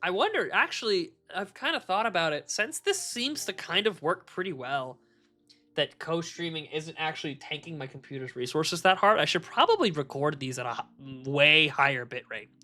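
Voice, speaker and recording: Animated, bright-voiced rambling male streamer. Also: on the high side, moderate pace, faint music behind. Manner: rambling, profane, laughs at his own jokes. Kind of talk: casual live-stream chat while shiny hunting. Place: warm home room.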